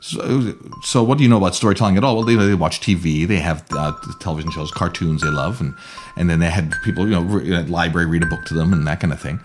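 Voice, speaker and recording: A middle-aged man telling a story in casual chat, playful and animated, slipping into voices for the people in it. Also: fast, music in the background. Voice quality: husky, animated with wide swings in pitch. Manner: playful, acts out voices in his anecdotes. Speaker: storyteller, podcast guest.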